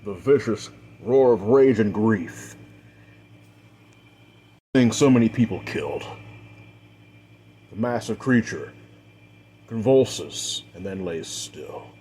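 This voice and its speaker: A man with a low voice narrates a dark fantasy story, swelling in force on the action beats. He strings events together with repeated linking phrases, and a faint hum sits under the recording. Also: lively intonation, slow pace, pauses often. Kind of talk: dramatic fiction narration.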